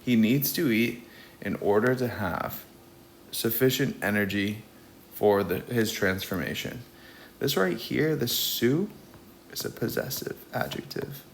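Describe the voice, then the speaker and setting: Switching between reading a Spanish storybook and explaining it in English, this young teacher keeps a slow, patient pace. He sounds mid-range, expressive, and creaky, and there's a little background noise.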